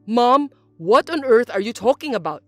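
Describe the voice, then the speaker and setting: A performer voicing a patient adult son who explains things in a steady, firm way. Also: mid-range voice, moderate pace, dry recording, soft background music, natural voice. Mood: reasoning. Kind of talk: dubbed drama acting.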